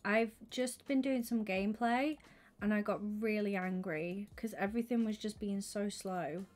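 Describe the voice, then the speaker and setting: A young woman livestreaming a game, chatting with her viewers and thinking out loud, often slipping into a whisper. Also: mid-range voice, moderate pace, soft background music. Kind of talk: casual gaming stream chat.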